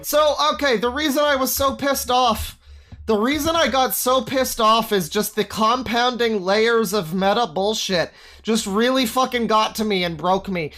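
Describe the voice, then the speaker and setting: A man's voice: extremely high pitch, a little slow, pushed and bright, faint music behind. A man streaming from a home setup with a desk microphone, reacting to videos with exasperated, sweary ranting. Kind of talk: live-stream reaction commentary.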